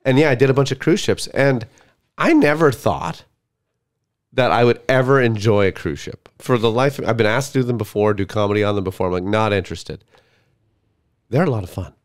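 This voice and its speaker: A man's voice: medium pitch, fairly quick. A man who is a comedian guest on a podcast, telling stories in a rambling, casual way with lots of fillers. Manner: rambling storyteller, many fillers.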